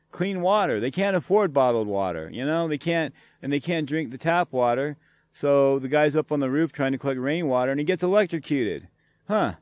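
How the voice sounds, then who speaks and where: Profane, ranting middle-aged man, smooth dry voice. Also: medium pitch, no room sound. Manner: angry, profane, sarcastic ranting. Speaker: podcast host. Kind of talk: ranting solo commentary.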